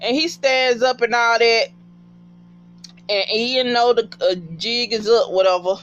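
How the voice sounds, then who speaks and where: A woman giving a casual TV episode recap in an animated, profane way and talking back to the characters. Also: fairly high pitch, measured pace, lo-fi sound, a little hiss or hum.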